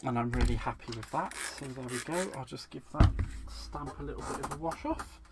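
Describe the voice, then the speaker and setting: Guy doing a live card-making stream, chatty and laughy, medium pitch, kinda noisy audio. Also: a little fast. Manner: warm, chatty, laughs often, talks to viewers. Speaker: crafting livestream host. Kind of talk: chatty live crafting demo.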